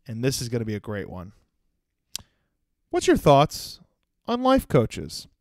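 Crude, animated young man ranting. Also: medium pitch, unhurried, no echo, clean studio sound. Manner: crude, animated storytelling with mocking impressions. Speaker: comedian podcast host. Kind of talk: solo comedic rant.

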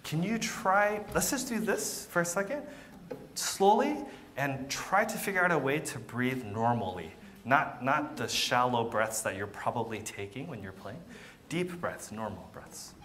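A man's voice: mid-range voice, very animated, a little slow, a bit bright. A man teaching a violin masterclass, encouraging and patient, often repeating words and counting beats aloud. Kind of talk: masterclass coaching.

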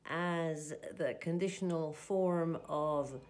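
A woman teaching an English lesson, reading example sentences and explaining grammar in a slow, deliberate way. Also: lowish voice, sing-song.

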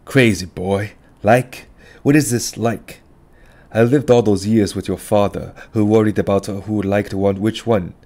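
A man's voice: on the low side, steady tone, a little slow, darkish tone. A man voicing an older widowed mother who is stubborn and fretful, in an audiobook. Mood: insistent. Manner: scolding, insistent.

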